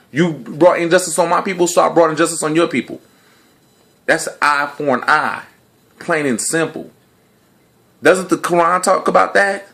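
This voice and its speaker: A man delivering a casual, argumentative monologue to the camera in slangy speech, full of rhetorical questions, dropping low and quiet, then rising loud and high. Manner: laughs between points. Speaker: video blogger.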